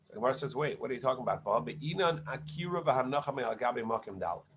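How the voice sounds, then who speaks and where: A rabbi talks a class through a Talmud passage in an ordinary, mid-pitched man's voice. He explains patiently but haltingly, restarting phrases and filling pauses with "uh" and "um". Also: animated, a little hiss or hum. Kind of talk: online Talmud lecture. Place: home setup, online class.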